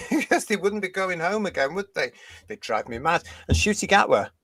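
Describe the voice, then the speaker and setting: A man's voice: high voice, very animated, normal speed, a bit bright, no room sound. A man from the UK ranting indignantly in a casual podcast chat, swearing mildly. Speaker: podcast co-host.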